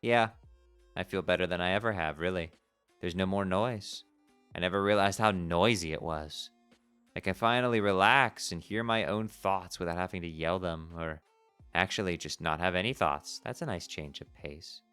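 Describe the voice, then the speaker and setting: Tired blunt troll boy, guy reading him real low and mumbly, smooth clean tone. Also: normal speed, a bit bright, no room sound, faint music behind. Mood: weary. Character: weary teenage troll boy, blunt and crude.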